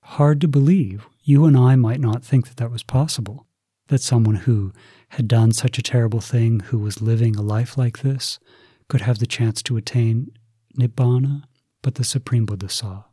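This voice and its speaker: A male Buddhist preacher tells a story slowly and deliberately. His voice is dark and husky, and the recording is dry and close, with no room sound. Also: mid-range voice, fairly even intonation, dry recording. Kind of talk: sermon storytelling.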